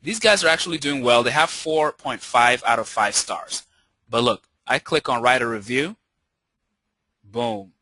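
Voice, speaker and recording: Bright-voiced man hosting a webinar. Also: mid-range voice, sing-song, a little slow, low-quality recording. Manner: upbeat, checks in with listeners. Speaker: webinar host. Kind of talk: live software demo walkthrough.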